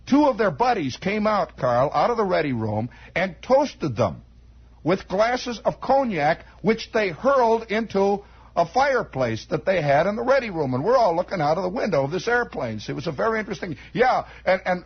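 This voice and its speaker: A man's voice: sits high, slightly rough. A man hosting a 1960s radio show, spinning a rambling comic story and acting out bits of it. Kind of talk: improvised radio monologue. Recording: dull lo-fi 1960s radio broadcast.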